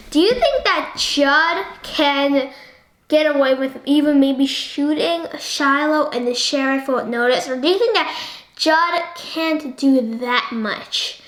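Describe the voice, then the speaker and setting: A woman's voice: high-pitched, moderate pace, fairly bright tone, reverberant. A woman hosting a casual book discussion, rambling and asking the listener one question after another.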